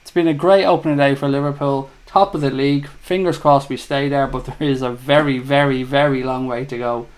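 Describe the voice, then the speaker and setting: A man's voice: medium pitch, steady tone, brisk, hardly any pauses. A man with an Irish accent hosting a live fan chat show, reading out viewer comments and bantering in a chatty, teasing way. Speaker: livestream host.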